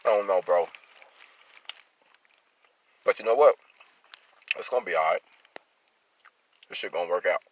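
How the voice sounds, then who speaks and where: A man's voice: deep voice, measured pace, long pauses. An angry man venting in a vlog, talking bluntly and profanely about his work as a traveling field welder. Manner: blunt, profane, heated street talk.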